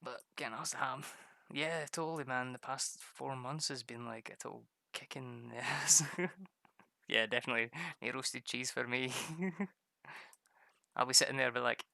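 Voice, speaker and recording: A man's voice: mid-range voice, fairly even intonation, moderate pace, gravelly, sharp tone, dry recording, clean studio sound. A man, chatting casually on a stream, laughing often and mimicking people. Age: 30s.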